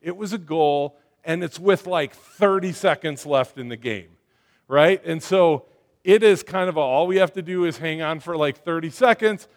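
A man giving a casual sermon to his congregation, talking conversationally with lots of fillers and getting them to shout back. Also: on the high side, normal speed. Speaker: church speaker.

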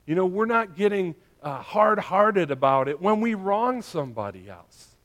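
A man's voice: sits high, sing-song, moderate pace, a bit bright. A male pastor preaching a sermon in a conversational way, often checking in with his listeners by asking "right?" and "okay?".

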